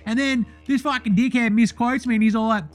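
A man's voice: extremely high pitch, fairly even intonation, fairly quick, pitched above the performer's own voice. A man putting on a crude, rowdy Australian basketball player with a brash, swaggering, foul-mouthed Australian manner. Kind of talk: comedy character bit.

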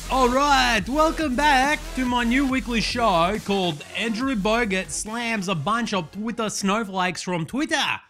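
A man's voice: very high voice, a little slow, hardly any pauses, bright, forceful tone, faint music behind, voice pushed up, full character voice. An Australian man putting on a brash male sportsman who rants in a blustering, self-satisfied way. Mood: smug ranting. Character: brash male sportsman ranting about online critics.

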